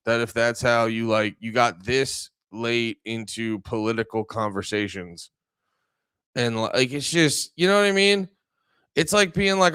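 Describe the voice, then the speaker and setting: Guy ranting on his podcast, cusses constantly, like and you know everywhere, crisp dry sound. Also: medium pitch, expressive, normal speed, sharp tone, no room sound. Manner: rambling, swears a lot, many fillers. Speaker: podcast host. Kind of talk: casual profane podcast rant.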